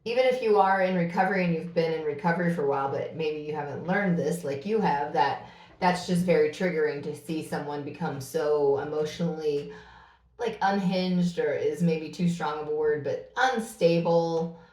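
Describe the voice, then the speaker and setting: A woman's voice: deep voice, moderate pace, darkish tone, reverberant, far from the mic. A middle-aged woman co-hosting a podcast, talking in a blunt, earnest way. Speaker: podcast co-host. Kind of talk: casual conversation.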